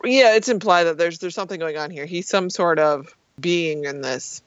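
Fairly high man on dull audio. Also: normal speed, dry recording. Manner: chiming in with short agreements. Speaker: podcast co-host. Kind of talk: casual movie recap chat.

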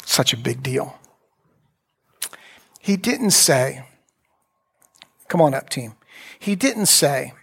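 A pastor preaching a conversational sermon, retelling scripture in a loose, talky way with asides. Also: male voice, mid-range voice, expressive, slow pace, vocal fry, long pauses, a bit bright, slightly rough.

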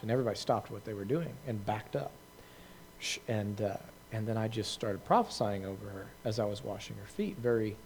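A preacher with a lowish voice, against slight background noise, answers questions from a group. He tells a story informally, filling it with fillers and restarts and laughing at himself.

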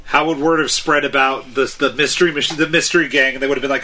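A man's voice: a little high, steady tone, quick pace, few pauses, pushed and bright, slight background noise. A young man co-hosting a casual podcast, matter-of-factly explaining story details. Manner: explains lore in detail, dry and matter-of-fact. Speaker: podcast co-host. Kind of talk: casual chat.

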